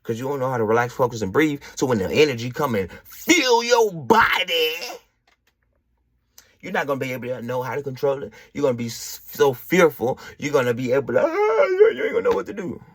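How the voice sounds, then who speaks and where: Husky, animated spiritual podcast man. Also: mid-range voice, fast, few pauses, dry recording. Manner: animated and preachy, slangy, talks straight to the listener. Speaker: podcast host. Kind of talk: spiritual motivational podcast talk.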